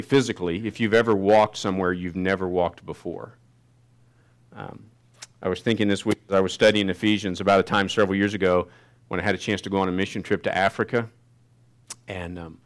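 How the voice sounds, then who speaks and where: Man, pastor, sermon, lowish voice, verses read slowly, storytelling. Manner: slows down to read scripture, then tells a story.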